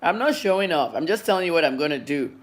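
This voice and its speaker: A woman's voice: low-pitched, very animated, quick pace. Lady in her 50s doing a live news stream, blunt, snaps at viewers, eating while she talks. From Nigeria. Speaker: journalist. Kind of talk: livestreamed news update.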